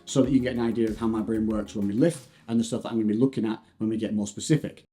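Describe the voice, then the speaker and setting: A man's voice: on the low side, steady tone, very fast, noisy background. A young man chatting casually to camera about his diet and training, playful, with silly whoops and hums. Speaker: fitness vlogger. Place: home and garage gym. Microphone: shotgun mic on camera.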